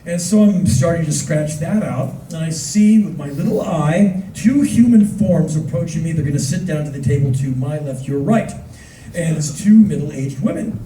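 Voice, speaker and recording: A man in his fifties telling stories on stage, animated and acting out voices with sudden shouts. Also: on the high side, normal speed, slight background noise. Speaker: spoken word performer. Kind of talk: live spoken word storytelling. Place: concert hall stage. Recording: echoey hall recorded from far off.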